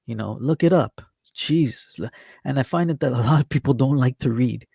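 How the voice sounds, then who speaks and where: A worked-up man hosts his own talk show and reads news clippings aloud between scolding asides. His voice is gravelly and mellow, and it sits in a dry room with no echo. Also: medium pitch, normal speed. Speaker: host of an online talk show. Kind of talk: ranting commentary while reading news articles aloud.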